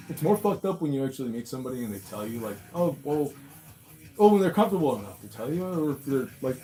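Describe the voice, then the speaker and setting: Loud, foul-mouthed man with swinging energy. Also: mid-range voice, poor audio. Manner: swears constantly, laughs, jumps from mumbling to loud outbursts. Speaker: host reacting to reddit stories. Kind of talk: casual profane reaction monologue.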